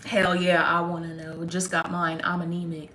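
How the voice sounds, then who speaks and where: A young woman chatting casually to viewers on a livestream, sarcastic and quick to laugh. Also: fairly low pitch, completely flat delivery, bright, forceful tone, reverberant, a little hiss or hum. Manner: sarcastic, laughs often, talks straight to viewers. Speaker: livestream host.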